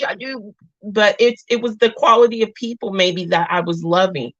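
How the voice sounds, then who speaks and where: A woman's voice: medium pitch, normal speed, dry recording. A woman in her thirties hosting a heartfelt live chat with viewers. She talks earnestly, drifts off topic and back, and comes close to tears. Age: 30s. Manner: emotional, warm, close to tears. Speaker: live-stream host. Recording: dull, dry, lo-fi sound.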